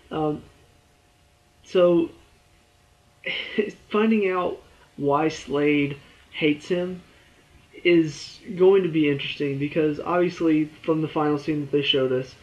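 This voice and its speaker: A young man giving a rambling, excitable spoken review of a TV show, full of fillers. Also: on the high side, highs cut off.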